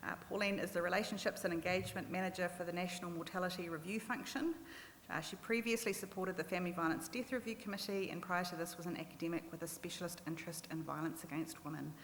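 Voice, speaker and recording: A woman with a New Zealand accent chairing a panel, introducing a speaker in a brisk, businesslike way. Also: on the low side, fairly even intonation. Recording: echoey hall with faint noise.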